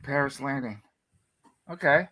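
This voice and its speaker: A man's voice: medium pitch, unhurried, pushed and bright. Laid-back man joking with livestream viewers. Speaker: livestream co-host. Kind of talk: casual livestream chat.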